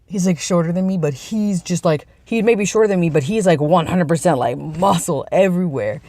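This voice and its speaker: A man's voice: high voice, a little fast, darkish tone, dry recording. A young man vlogging in a casual, rambling way, with self-deprecating asides, talking from his workplace. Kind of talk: casual chat.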